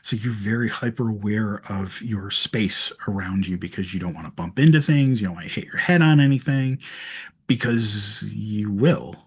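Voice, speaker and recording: Husky-voiced man telling stories. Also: fairly low pitch, moderate pace. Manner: storytelling with laughs and many restarts. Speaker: podcast guest. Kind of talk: casual chat.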